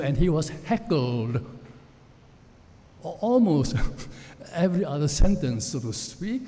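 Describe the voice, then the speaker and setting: A man preaching a sermon as pastor, speaking in a slow, reflective way with frequent pauses and fillers, recorded in a church sanctuary. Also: on the high side, big pitch swings, mellow. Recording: long church hall reverb with faint noise.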